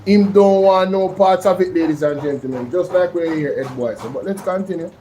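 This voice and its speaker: This man, a YouTube reaction host, speaks with a Jamaican accent in a high, mellow voice at a slightly fast clip. He keeps his live-stream reaction chatty and greets viewers by name. The sound is low quality with a little hiss or hum.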